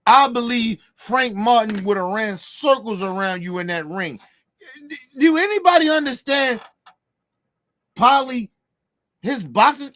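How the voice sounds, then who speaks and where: Man, AAVE, high animated voice, brash and profane opinion rant on boxing. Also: measured pace, pauses often. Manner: brash, profane, mocking, emphatic. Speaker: boxing commentator.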